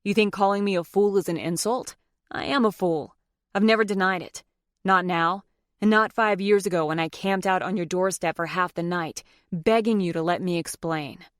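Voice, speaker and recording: A woman's voice: fairly low pitch, normal speed, no echo, studio quality, close to an everyday voice. Woman reading as a wry, persistent male lawyer. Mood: earnest.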